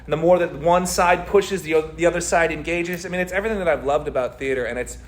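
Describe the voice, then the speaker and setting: A man, a community theater actor, chatting as an interview guest in an energetic, rambling way full of fillers and tangents. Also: a little high, quick pace, a little hiss or hum. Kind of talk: casual interview chat.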